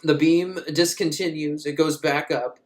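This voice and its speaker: A man's voice: fairly high pitch, steady tone, unhurried. A man recapping a movie in a casual, comic way, rambling, swearing and often laughing. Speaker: movie reviewer.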